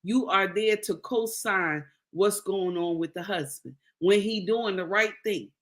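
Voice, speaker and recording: An unhurried woman of medium pitch, working as a social commentator, gives relaxed but preachy remarks. She refers to her audience as sisters and restates her main lines to drive them home.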